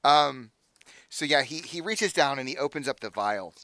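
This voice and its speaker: A young adult man narrating as game master, casual and halting, with many fillers and restarts. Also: medium pitch, animated, pushed and bright, no room sound.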